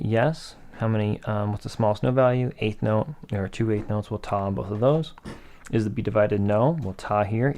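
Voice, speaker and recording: A man's voice: fairly low pitch, darkish tone. A man teaching a rhythm lesson in a patient, methodical way, asking questions and then answering them himself. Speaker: music teacher.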